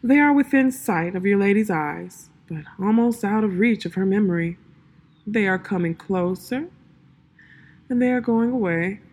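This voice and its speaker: A woman voicing a proud, sleepy male cat who speaks slowly and softly in riddles, with a breathy voice. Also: medium pitch, animated. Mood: dreamy. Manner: slow, soft, sleepy drawl.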